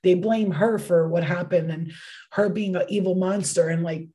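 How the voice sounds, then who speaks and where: A young woman doing a casual tarot reading, excitable and swearing freely, with bursts of exclamations. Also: on the low side, moderate pace. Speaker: tarot reader.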